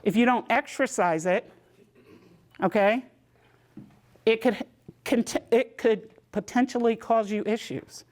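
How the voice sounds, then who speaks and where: A woman, giving a community health talk and telling lively personal stories, acting out the voices of the people in them. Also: on the high side, slow pace, pauses often. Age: 60s. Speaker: presenter.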